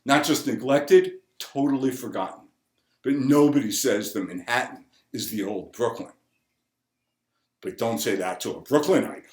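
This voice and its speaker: A man's voice: mid-range voice, moderate pace, reverberant. A man delivering a sarcastic comic monologue, ranting through rhetorical questions. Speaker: comedian.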